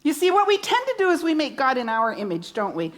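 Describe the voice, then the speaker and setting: A woman's voice: high voice, big pitch swings, fast talker. A woman minister preaching a sermon, emphatic, repeating key words and asking rhetorical questions.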